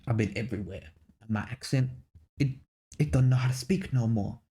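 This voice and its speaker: A man's voice: medium pitch, a little fast, dark tone, husky. A young man with a mixed Australian-English accent, chatting casually on a stream, rambling and swearing lightly. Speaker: VTuber streamer.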